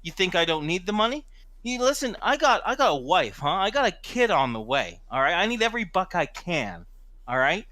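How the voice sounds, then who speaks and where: A man's voice: on the high side, lively intonation, normal speed, sharp tone, no room sound. A man voicing a hot-headed, puffed-up working-class man, brash and confrontational. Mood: aggrieved. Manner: brash, confrontational, street-tough.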